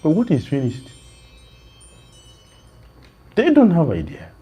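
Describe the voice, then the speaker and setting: Slow, emphatic preaching man with a husky voice. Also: on the high side, wildly swooping pitch, lo-fi sound, faint music behind. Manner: slow, emphatic, repeats phrases, rises sharply when quoting. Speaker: swami lecturing on scripture. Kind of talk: sermon.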